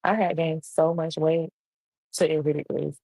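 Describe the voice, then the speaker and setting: A young adult woman telling a casual storytime on a livestream, animated and acting out the voices of people in her story. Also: deep voice, moderate pace, creaky, no echo, rough recording. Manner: animated, acts out quoted voices. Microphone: livestream computer mic.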